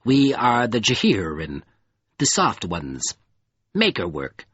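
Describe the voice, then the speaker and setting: A cold, dusky crawling creature made of mud, heaving out grave and halting words, as a man reads it in an audiobook. The voice is husky, and the recording sounds dull and close. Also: on the low side, wildly swooping pitch, fairly bright tone, no room sound, full character voice. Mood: mournful. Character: slimy mud-creature, cold and fearful, pleading. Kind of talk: audiobook character voice.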